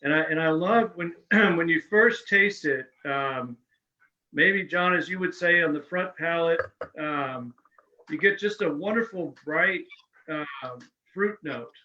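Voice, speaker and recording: A man's voice: a little high, measured pace, sharp tone, muffled recording. A man describing a wine's nose and taste, hesitant and fumbling for words. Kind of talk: wine tasting chat. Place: virtual tasting video call.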